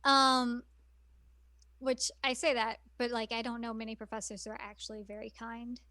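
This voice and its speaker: A woman's voice: a little high, flat delivery, normal speed, pushed and bright, no room sound, studio quality. A woman co-hosting a podcast, chatting casually about anime and rambling with lots of fillers and restarts. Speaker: podcast co-host.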